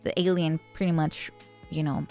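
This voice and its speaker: A woman's voice: low voice, little pitch movement, warm tone, faint music behind. Chatty, laughing woman streamer. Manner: rambling, joking, quick to laugh. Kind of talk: casual chat.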